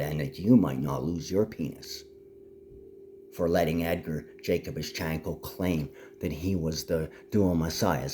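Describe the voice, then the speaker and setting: A man giving a rambling, declamatory monologue to camera, his loudness swinging up and down. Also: deep voice, slight background noise. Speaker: self-styled address speaker.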